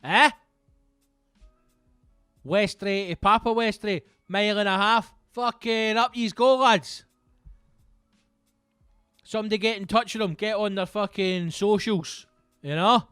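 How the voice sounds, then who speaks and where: A man's voice: high-pitched, a little slow, pauses often, sharp tone, smooth, dry recording, studio quality, faint music behind. A Scottish man hosting a podcast alone, rambling through casual comedic chat with lots of swearing and jokes. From Scotland. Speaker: podcast host.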